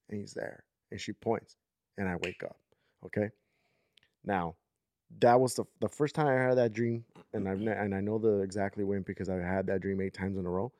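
A man's voice: lowish voice, a little mellow, no echo, studio quality. A man in his thirties hosting a podcast, telling a long story in a casual, rambling way with lots of fillers. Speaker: podcast host.

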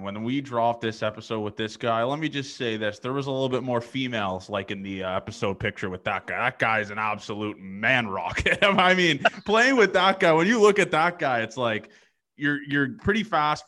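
A Canadian man hosting a sports podcast, chatting excitably and rambling through many restarts. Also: mid-range voice, fairly quick. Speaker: podcast host. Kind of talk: casual sports interview.

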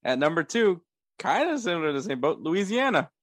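Young dude podcast cohost, laughs a lot, goofy banter, dry close sound. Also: male voice, on the high side, a little fast, no echo. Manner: laughs often, jokey and animated. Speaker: podcast co-host. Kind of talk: casual chat.

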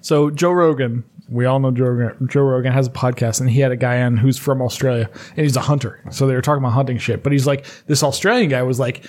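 A man's voice: mid-range voice, steady tone, fast talker, few pauses, darkish tone. A man co-hosting a podcast, chatting casually with profane, joking banter. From United States. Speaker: podcast co-host. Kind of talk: casual chat. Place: lives in Las Vegas.

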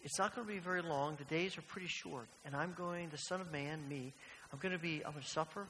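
A man voicing a calm, resolute male teacher who speaks plainly and earnestly. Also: a little high, fast, voice pushed down. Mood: solemn. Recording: long hall reverb, faint hiss.

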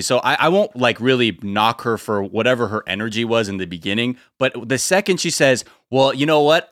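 A man's voice: mid-range voice, fairly bright tone, no room sound, clean studio sound. A man co-hosting a casual podcast chat, joking and profane, often acting out quotes in mock voices. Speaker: podcast co-host.

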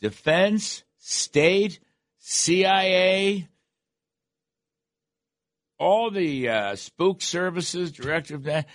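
A man's voice: high-pitched, expressive, very slow, long pauses, no echo. An older man hosting a talk radio show, delivering emphatic, repetitive political commentary from a studio. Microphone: studio microphone.

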